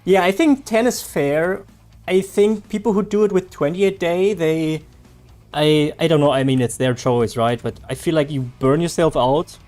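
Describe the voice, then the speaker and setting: A man's voice: fairly high pitch, moderate pace, a little mellow, soft background music. A man with a German accent, a native German speaker, chatting casually with his viewers while streaming a game, answering them aloud with frequent restarts. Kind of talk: casual live-stream chat.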